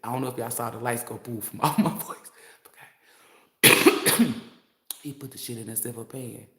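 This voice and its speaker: A tarot reader on a casual livestream, a man telling stories to his viewers in an animated, profane way. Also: medium pitch, brisk, echoey room. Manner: animated, profane storytelling, addresses viewers as y'all.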